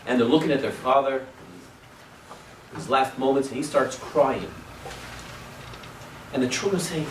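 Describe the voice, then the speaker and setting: A male rabbi teaching a class as animated storytelling. He swings between loud exclamations and hushed asides and drops in Hebrew and Yiddish words. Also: medium pitch, slow, pauses often. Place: synagogue classroom. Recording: echoey room, distant mic, faint noise.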